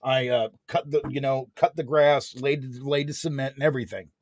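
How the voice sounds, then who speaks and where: A man in his forties telling a story in a casual chat, animated and slangy, peppering his talk with filler words. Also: medium pitch, normal speed, no echo. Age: 40s.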